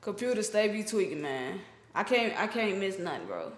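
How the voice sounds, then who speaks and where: Over loud music and in a roomy, echoing space, a man hosts a reaction video, talking casually and bluntly to his viewers with plenty of slang and swearing. His voice is high, swoops wildly in pitch, and moves at a normal speed.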